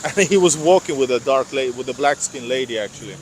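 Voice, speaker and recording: On a casual live street vlog, a fast-talking man with a mid-range voice walks through a wintry city, rambling and chatty, calling his viewers "guys." His clip-on mic picks up slight background noise.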